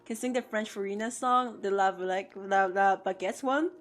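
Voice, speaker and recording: A woman's voice: mid-range voice, normal speed. A woman art streamer in casual live-stream chat, playful and joking, often laughing.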